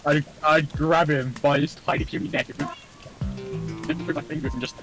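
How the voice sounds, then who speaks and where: Rambling young man, slightly high, music behind. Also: normal speed. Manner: rambling, stumbling, deadpan with dark jokes. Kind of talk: casual chat.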